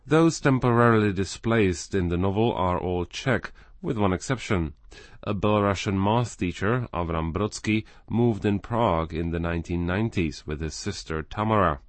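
A male radio reporter reads a scripted news feature. His voice is low and recorded dry and close, with no room sound. He keeps his delivery even and measured. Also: no echo.

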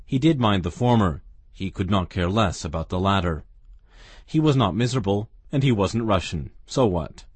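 A man reads a passage from a novel aloud in a calm, steady storytelling manner. His voice is low and slightly husky. The recording is dry and close, with no room sound. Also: moderate pace, no echo. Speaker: reader of a novel excerpt. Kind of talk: literary reading.

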